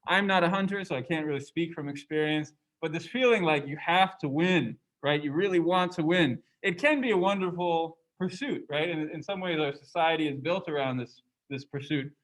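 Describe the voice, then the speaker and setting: A man lecturing a class in a loose, conversational manner, often turning to ask his students questions. His voice sits fairly high for a man. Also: a bit bright, rough recording. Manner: reads passages aloud from the book. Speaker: religious studies lecturer.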